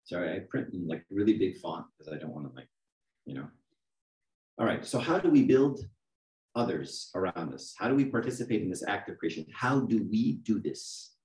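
Middle-aged male archdeacon, low-pitched, chatty sermon delivery; distant mic in a reverberant church. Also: sing-song, moderate pace, darkish tone. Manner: conversational, often asks "right?" to the congregation. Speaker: archdeacon preacher. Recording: echoey room, mic from a distance.

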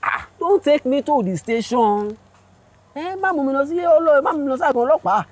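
A man's voice: very high voice, animated, fairly quick, background noise. A man playing a pleading older Nigerian motorist. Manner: pleading, stammering, lots of "eh?". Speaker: motorist stopped by police. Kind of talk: comedy skit acting.

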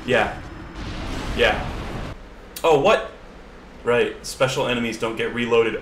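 A young man streaming a video game, chatting casually and excitably with swearing, sudden shouts and laughter. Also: medium pitch, slow, roomy sound, soft background music. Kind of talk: casual gameplay commentary. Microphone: older lower-quality desk mic.

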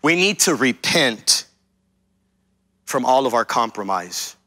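A man's voice: mid-range voice, very animated, slow, bright, forceful tone. A male pastor preaching a sermon, emphatic, repeating his key lines and speaking straight to the congregation.

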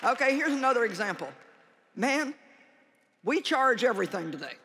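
An older woman preaching a humorous conference sermon, animated and joking as she acts out little prayers and conversations. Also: fairly high pitch, normal speed, a faint crowd, slight background noise.

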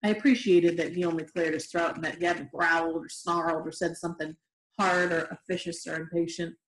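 Woman, reading a novel aloud, steady, gentle, roomy echo, faint noise. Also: lowish voice, brisk. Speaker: reader. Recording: roomy echoey room recording.

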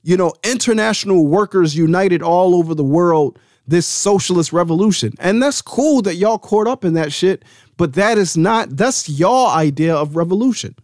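A man's voice: moderate pace, no echo, clean studio sound. Heated, profane man ranting solo. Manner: drops to a low calm voice to settle himself. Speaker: host. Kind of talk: solo podcast rant.

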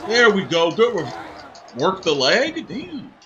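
A young man giving casual gameplay commentary, cursing and shouting at the game as he plays. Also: high voice, wildly swooping pitch, takes it slowly, highs cut off. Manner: loud, swearing outbursts at the game. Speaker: gaming channel host. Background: game music.

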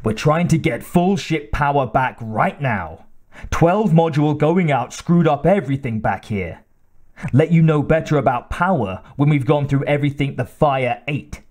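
A man's voice: on the high side, normal speed, darkish tone, lightly acted. A man voicing a weary, blunt male ship engineer who reports damage in a tired, matter-of-fact way.

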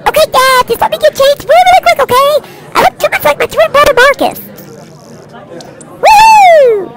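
A woman playing a puppy in a game roleplay, excited and playful, barking and squealing as she narrates. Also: very high-pitched, normal speed. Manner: excited, squealing, barks and giggles. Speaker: channel host and roleplayer. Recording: loud game music and crowd noise behind.

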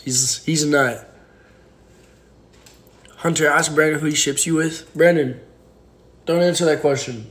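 A young man chats on a phone livestream from home, answering viewer comments with rambling jokes and playful teasing. His voice sits a bit higher than most men's. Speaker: livestream host. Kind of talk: casual livestream chat reading viewer comments. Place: home, indoors.

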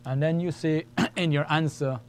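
A man's voice: fairly high pitch, fairly even intonation, moderate pace, slight background noise. A man teaching a beginners' lesson, patiently explaining and repeating each point step by step. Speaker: Arabic teacher. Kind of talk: classroom lesson.

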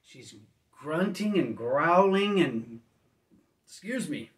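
Slow, rambling man reviewing discs. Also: a little high, lively intonation, recorded from a distance. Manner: rambling, clears throat often, self-correcting. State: just woke up. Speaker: disc reviewer. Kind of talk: casual home video review.

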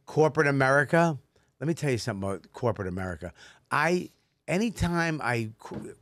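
A middle-aged man co-hosting a comedic podcast, telling animated stories, acting out voices and swearing a lot. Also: mid-range voice, brisk, no room sound, studio quality. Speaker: podcast co-host. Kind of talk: casual comedic podcast chat.

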